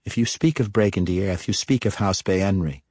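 A man voicing a young dark elf woman, guarded and nervous, speaking quietly in a fantasy audiobook. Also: deep voice, moderate pace, breathy edge, dry recording. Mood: blurting.

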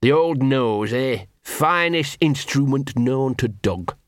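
A man's voice: mid-range voice, lively intonation, slow pace, no room sound, clean studio sound. A man voicing a scruffy, nervous small male dog who rambles in ungrammatical street talk, repeating himself.

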